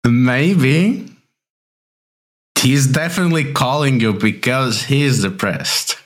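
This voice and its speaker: A man narrating a tabletop role-playing game as game master, slow and hesitant with frequent pauses. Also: medium pitch.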